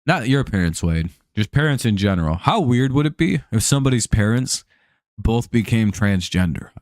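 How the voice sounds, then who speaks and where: A man's voice: on the low side, expressive, normal speed, a little mellow, dry recording. A man hosting a live stream, chatting casually over a baseball game, laid-back and joking, with casual swearing.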